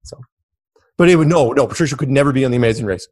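A middle-aged man telling stories as an interview guest, rambling and repeating himself, jumping high when he quotes others. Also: rapid-fire, darkish tone, no room sound, studio quality. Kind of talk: casual storytelling.

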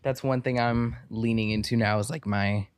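A man from the Washington, D.C. area hosting a podcast, talking in a playful, excitable, camp way. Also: mid-range voice, moderate pace, no echo. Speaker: podcast host. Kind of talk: casual interview chat.

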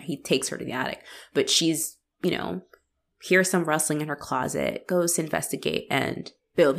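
A woman's voice: low-pitched, creaky. A woman co-hosting a casual talk show, talking animatedly and swearing freely while acting out the people she describes. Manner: animated, profane, acts out quoted characters. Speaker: podcast co-host. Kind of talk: casual chat.

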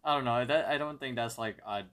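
A man's voice: medium pitch, a little fast, a bit bright. A man co-hosting a podcast, talking casually in a rambling, hesitant way with frequent restarts. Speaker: podcast co-host. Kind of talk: casual chat.

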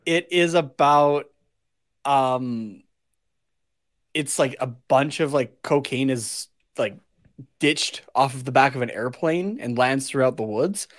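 A man's voice: mid-range voice, slow. A man co-hosting a casual podcast, rambling, swearing freely and laughing at himself. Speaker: podcast co-host. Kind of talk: casual chat.

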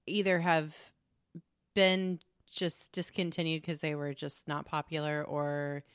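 A woman's voice: low-pitched, level tone, unhurried, smooth, no echo, studio quality. A woman co-hosting a casual podcast chat, joking and swearing as she reads out facts and laughs often. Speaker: podcast co-host.

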